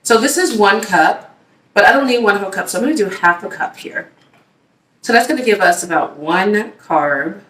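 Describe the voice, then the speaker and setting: A woman's voice: mid-range voice, animated, normal speed, fairly bright tone. A woman hosting a casual cooking demo, chatty and upbeat, talking straight to her viewers. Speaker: cooking video host. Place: home kitchen. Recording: echoey room, mic at a distance.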